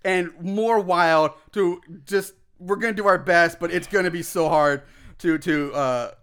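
A man casually recapping a film plot as a podcast host, animated, acting out shouted lines and laughing often. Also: sits high, a little slow, clean tone. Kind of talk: casual chat.

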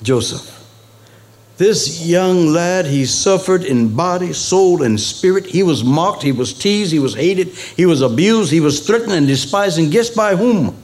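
Animated preaching man, wide swings. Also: measured pace. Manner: animated preaching with sudden high emphatic peaks; conversational asides to the congregation. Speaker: pastor. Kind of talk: sermon.

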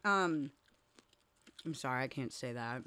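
A woman's voice: a bass voice, lively intonation, a little slow, bright, forceful tone, a little hiss or hum. A young woman co-hosting a podcast, casually retelling a movie plot, acting out quotes, laughing and swearing. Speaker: podcast co-host. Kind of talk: casual movie recap chat.

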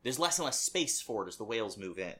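A man co-hosting a casual book discussion, chatty and quick to finish his partner's points. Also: fairly low pitch, very animated, pushed and bright. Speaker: podcast co-host discussing a novel.

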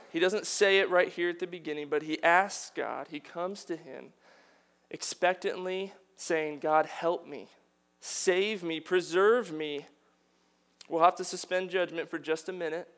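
A man's voice: fairly high pitch, a bit bright. A man preaching a sermon, earnest and building to emphatic declarations.

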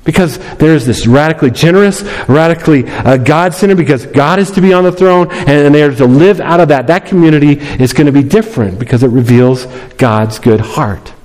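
A man's voice: fairly high pitch, brisk, a little mellow. A male pastor preaching a sermon, emphatic, often repeating key phrases and acting out voices from the story. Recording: long reverb of a large hall.

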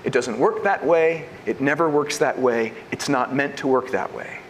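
A man preaching a sermon, asking rhetorical questions and swinging between loud emphasis and hushed lines. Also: mid-range voice, normal speed, slight background noise. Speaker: pastor.

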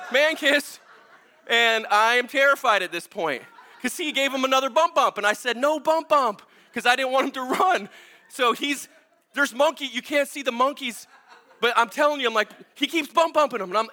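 Bright, high-voiced pastor telling a story. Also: male voice. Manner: animated, laughing, casual storytelling with frequent fillers. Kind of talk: storytelling sermon.

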